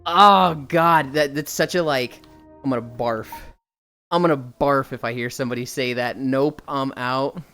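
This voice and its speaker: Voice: mid-range voice, measured pace, a bit bright, faint music behind. A livestreamer chatting casually and reading viewer messages aloud, blunt and sighing often, swearing freely.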